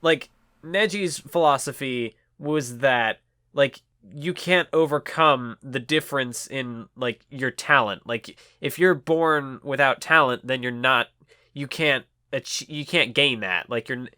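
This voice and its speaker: Young man, bright and smooth, dry close mic. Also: medium pitch, a little slow, no echo. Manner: hesitant, then explains at length. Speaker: podcast co-host. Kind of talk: casual manga discussion podcast.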